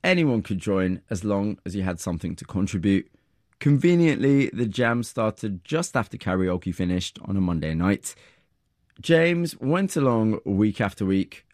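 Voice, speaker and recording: A man with a low voice narrates and asks questions in a measured, scripted way. The recording is dry and close, with no room sound. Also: darkish tone, no room sound. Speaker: narrator and interviewer.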